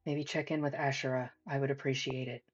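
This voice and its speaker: A woman with a notably low voice runs a tabletop game, easing through the story with ums and pauses. The sound is a little dull and lo-fi, with faint music underneath. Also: slightly rough. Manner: relaxed, halting with fillers. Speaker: game master.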